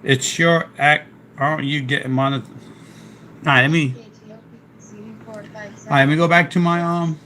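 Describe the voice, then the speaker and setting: A man from South Philly with a Philadelphia accent, rambling casually through a live stream. His voice sits a little high and comes across bright and pushy. He is getting over a sore throat. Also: fairly even intonation, a little slow, long pauses. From South Philadelphia, USA. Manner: chatty, rambling, restarts often. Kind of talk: casual live stream, reading chat aloud and explaining.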